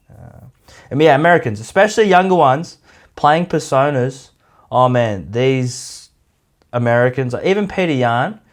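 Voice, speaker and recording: A man giving a casual, rambling commentary, full of "like" and mocking asides. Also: medium pitch. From Australia. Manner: rambling, heavy use of "like", mocking. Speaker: YouTube commentator.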